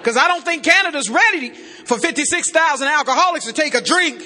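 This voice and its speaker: Brief: woman, high and very bright voice, folksy self-mocking testimony, long hall reverb. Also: lively intonation, fairly quick, a little hiss or hum. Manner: folksy, self-mocking storyteller who addresses the crowd directly. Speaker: recovery meeting speaker. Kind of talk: humorous personal testimony to a crowd.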